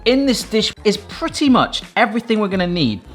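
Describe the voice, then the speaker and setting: A man's voice: brisk, soft background music. A man chatting cheerfully through a home cooking video. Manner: chatty, jokey, lively pitch. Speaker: cooking vlogger. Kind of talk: casual cooking narration.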